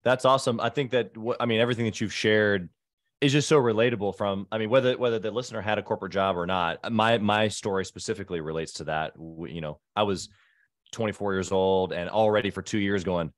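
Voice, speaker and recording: A man's voice: lowish voice, steady tone, fast talker, dry recording, clean studio sound. A man hosting a podcast interview, enthusiastically summing up and affirming what his guest says. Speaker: podcast host. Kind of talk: casual interview.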